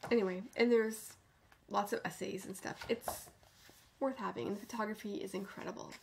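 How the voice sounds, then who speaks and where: A woman hosting a knitting podcast in casual chat, gushing with enthusiasm and often dropping to a soft near-whisper. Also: medium pitch, fairly even intonation, fairly quick, gravelly, slight background noise.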